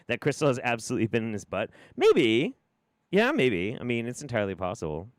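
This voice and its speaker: A man hosting a live stream, giving sarcastic commentary, often laughing and swinging from loud bursts to quiet mutters. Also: medium pitch, huge pitch swings, fairly quick, no room sound, studio quality. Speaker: streamer host.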